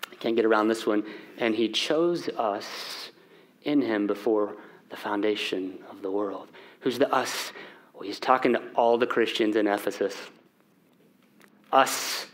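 A man's voice: lowish voice, steady tone, measured pace, pauses often. A middle-aged man preaching a sermon as pastor in a church, talking conversationally and asking the room rhetorical questions. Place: church sanctuary.

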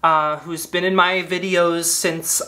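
A man in his late twenties with a bright, crisp voice talks straight to camera from his living room. He is grieving and wry, undercutting his sadness with self-mocking asides before sinking back into earnest feeling. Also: high voice, little pitch movement, takes it slowly. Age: late 20s. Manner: wry, self-deprecating, drifting into earnest grief. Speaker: vlogger. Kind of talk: confessional monologue to camera.

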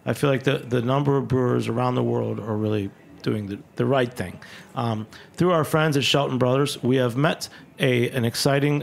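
A man hosts a radio talk show from a studio, enthusiastic and a bit rambling, repeating words as he goes. His voice has a gravelly creak, and a faint noise sits in the background. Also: mid-range voice. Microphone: studio microphone.

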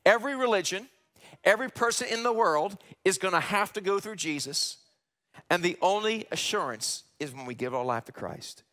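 A man preaching a sermon in a church, animated, acting out quoted questions in a rising voice. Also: sits high, normal speed. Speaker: pastor. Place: church sanctuary, live broadcast.

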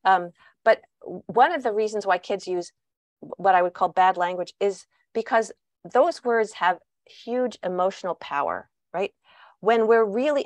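Animated woman author on a video call. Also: mid-range voice, dry recording. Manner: animated, acts out quoted voices. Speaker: parenting author and guest speaker. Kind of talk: answering questions on a video call.

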